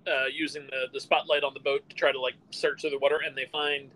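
A man's voice: medium pitch, flat delivery, fast, a bit bright, slight background noise, rough recording. A man in casual movie chat, retelling a scene with many fillers. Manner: rambling, filler-heavy retelling. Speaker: podcast co-host.

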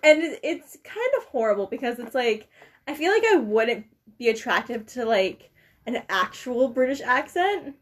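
A woman's voice: a little high, big pitch swings, normal speed. A young American woman chatting casually with a friend, often trailing off mid-thought. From United States. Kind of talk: casual chat.

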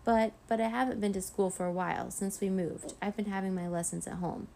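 A woman's voice: mid-range voice, fairly even intonation, a little fast, gravelly, darkish tone, slight background noise, natural voice. A woman voicing a young boy vampire in a storybook read-aloud, awkward and stammering as he tries to fit in. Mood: nervous. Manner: hesitant, stammering.

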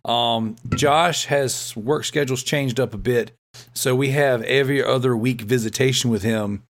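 Laid-back podcast host, rambling. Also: male voice, mid-range voice, normal speed. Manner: rambling, laughs often, many fillers. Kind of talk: casual chat.

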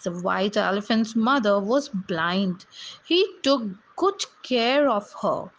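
A woman reading a storybook tale aloud to schoolchildren, slowly and carefully, with small slips. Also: medium pitch, expressive. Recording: dull, lo-fi recording with faint noise.

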